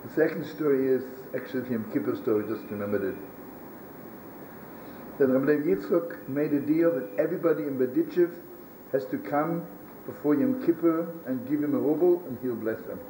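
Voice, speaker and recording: A man with a weak voice tells rabbinic stories in a loose, halting way, dropping in Yiddish words. His tone is dark and mellow. The archival recording is roomy and distant, with a faint hiss. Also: medium pitch. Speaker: rabbi and storyteller. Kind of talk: storytelling sermon.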